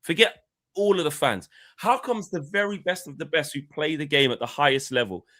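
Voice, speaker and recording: A man's voice: on the high side, normal speed, sharp tone. A man co-hosting a casual live football chat. He swears freely and acts out players' rants. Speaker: football podcast co-host.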